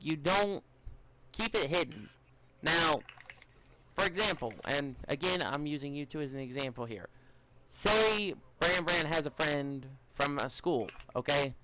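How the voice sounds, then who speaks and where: Young guy rambling on a podcast, kinda scattered, keeps restarting, slightly high voice. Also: lively intonation, background noise. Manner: rambling, halting with many fillers and restarts. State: a bit out of it, stuttering. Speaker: podcast host giving advice. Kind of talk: casual podcast chat.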